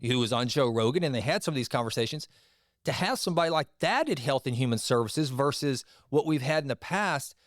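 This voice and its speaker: A man's voice: mid-range voice, expressive, fairly quick, no room sound, studio quality. A middle-aged man hosting a podcast, talking casually and digressing as he comments on an article. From Texas. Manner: conversational, digressive, chatty asides. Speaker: podcast host.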